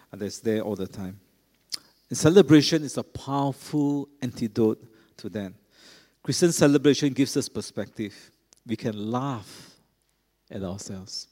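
A man's voice: fairly low pitch, a little mellow. A middle-aged man preaching a sermon, talking to the congregation in a conversational way and often checking in with them. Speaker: pastor. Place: large church. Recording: long reverb of a large church.

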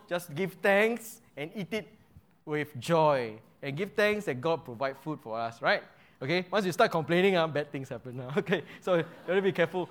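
A man's voice: a little high, fairly bright tone. A man with a Singaporean English accent teaching a Bible lesson, asking the audience questions and using local slang. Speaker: preacher.

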